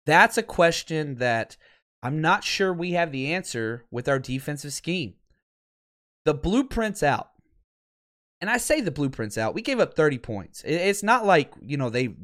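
A man hosting a live sports podcast, talking in an excitable, candid way with frequent restarts, and losing his voice. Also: on the high side.

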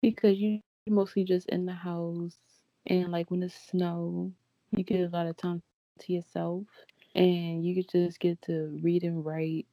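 A woman from Baltimore with a Baltimore accent, a podcast guest giving slow, easygoing answers. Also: on the low side, flat delivery, dry recording, lo-fi sound. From Baltimore, Maryland, United States. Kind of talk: casual chat.

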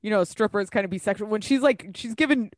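A woman co-hosting a podcast in casual chat, animated and profane, laughing often. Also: mid-range voice, quick pace, no echo, clean studio sound. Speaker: podcast co-host.

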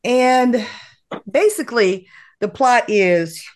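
A woman hosts a relaxed podcast conversation, her voice rising and falling as she summarizes a film. She talks playfully and laughs easily, in a casual chat style. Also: a little high, slow pace. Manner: animated, laughing, playful storytelling. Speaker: podcast host.

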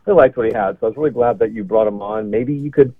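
A man's voice: fairly low pitch, very fast, no room sound. A man calling in to a podcast, earnest and a little bashful. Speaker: caller. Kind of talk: casual chat. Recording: tinny phone line.

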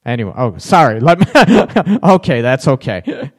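A man's voice: medium pitch, very animated, a little slow, in a large hall. A man hosting a relationship talk show, reading viewer comments and answering in a candid, chatty way. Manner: candid, frank, chatty with frequent restarts. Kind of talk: live-stream chat reading viewer comments.

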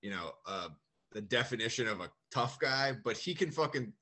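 A man co-hosting a podcast, telling stories in casual comedic chat, swearing a lot and animated. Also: mid-range voice, normal speed. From United States. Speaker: podcast co-host.

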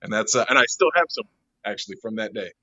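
A lively man spins a wild bar story, laughing through it and cursing freely. His voice sits at an ordinary pitch. The recording is dull and lo-fi. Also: fast talker, a little hiss or hum. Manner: animated, laughing, swearing often. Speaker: interview guest, bar manager. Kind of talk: casual storytelling.

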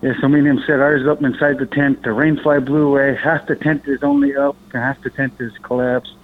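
Speaking briskly with medium pitch, an Alaskan man guests on a podcast through a tinny, phone-like line. His rambling, animated story is casual and sprinkled with swearing, and he acts out what others said.

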